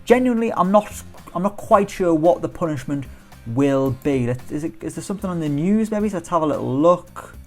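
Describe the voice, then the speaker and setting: A man's voice: on the high side, animated, a little fast, soft background music. A man giving chatty, upbeat commentary on a football management game, firing off rhetorical questions. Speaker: gaming YouTuber.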